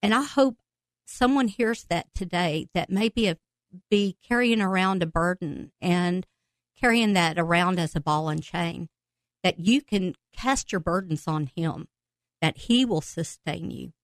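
A woman guest on a podcast telling her personal faith testimony with emotion, laughing and breaking into excited outbursts as she tells it. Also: fairly low pitch, a little slow, no echo.

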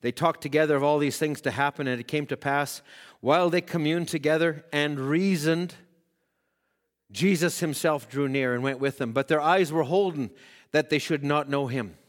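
A man preaching a sermon, moving between loud exhortation and quiet scripture reading. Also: a little high, normal speed, in a large hall.

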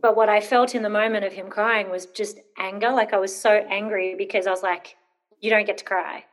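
A woman's voice: mid-range voice, fairly even intonation, a little fast. A woman in her thirties, an interview guest telling a personal story, hesitant with many ums and rambling when nervous.

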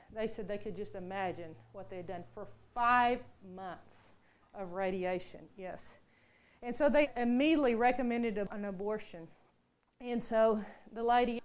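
A woman preaching a storytelling sermon, acting out the people she quotes. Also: mid-range voice. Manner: animated storyteller, acts out quotes.

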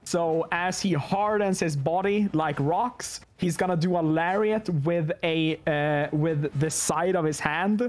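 Man player, halting and full of fillers. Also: fairly high pitch. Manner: halting, many fillers and restarts. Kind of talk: playing a tabletop game.

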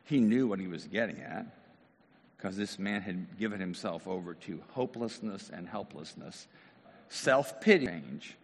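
A male pastor giving a lively, conversational sermon. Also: sits low, moderate pace, husky. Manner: animated, conversational preaching. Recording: long hall reverb.

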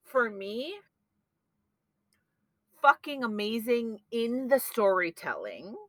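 A woman in her forties telling stories in casual chat as a podcast co-host, animated and profane, acting out what people said. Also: fairly high pitch, slow, dry recording. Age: 40s. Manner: animated, profane storytelling with acted-out quotes.

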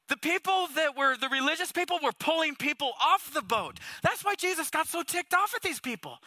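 A man with a very high, sharp and bright voice delivers a sermon. He preaches in an animated, conversational way and keeps throwing rhetorical questions at his listeners. The sound is close and dry. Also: fairly quick, hardly any pauses, no room sound. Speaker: pastor.

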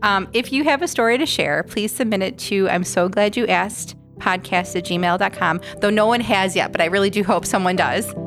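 A woman's voice: medium pitch, normal speed, hardly any pauses, fairly bright tone, faint music behind. A woman with a Chicago accent hosting a podcast interview, playful and supportive with her guest. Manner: supportive, playful, reacting with short responses. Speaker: podcast host. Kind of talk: casual interview chat.

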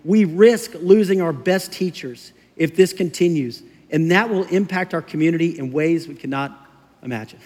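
A middle-aged man preaching a sermon as pastor, telling stories in a casual, conversational way with quick acted asides. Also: on the high side, a little mellow. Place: church sanctuary. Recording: long hall reverb.

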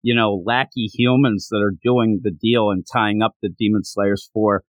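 A man co-hosting a podcast, chatting casually about a manga chapter and acting out characters' lines in quick voices. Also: on the low side, fairly even intonation, no echo. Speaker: podcast co-host.

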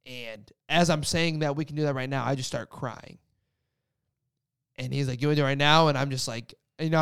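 A young man tells his faith story in a loose, rambling way, full of "like" and restarts. His slightly high voice has a gravelly edge yet stays smooth and resonant. He sounds close and dry, with no room around him. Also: a little fast, fairly bright tone, dry recording. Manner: casual, rambling with many "like" fillers. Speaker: guest sharing a faith story. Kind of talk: casual testimony chat.

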